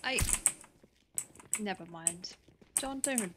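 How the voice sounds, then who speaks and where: A woman's voice: medium pitch, lively intonation, slow pace, a bit bright, slight background noise. Teasing, foul-mouthed woman gamer. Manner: teasing and profane. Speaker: gaming teammate. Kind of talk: casual gaming chat.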